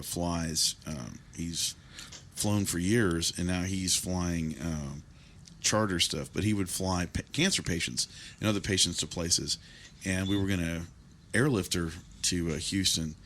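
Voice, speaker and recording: A man, hosting an interview and telling stories in a lively way, quoting people with animation. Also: sits low, a little slow, slight background noise. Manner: lively storyteller, animated when quoting others. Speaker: interview host. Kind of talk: casual interview chat, telling a story.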